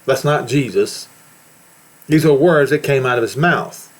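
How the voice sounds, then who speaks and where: An American man delivers a preaching-style commentary, his pitch sitting in an ordinary middle range. He speaks with emphasis and now and then builds up to forceful declarations. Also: measured pace. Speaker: religious commentator. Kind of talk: preaching commentary on news and scripture.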